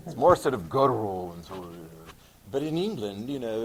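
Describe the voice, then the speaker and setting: A man teaching a classroom lecture, chatty and animated, often checking in with his students. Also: medium pitch, brisk, low-quality recording.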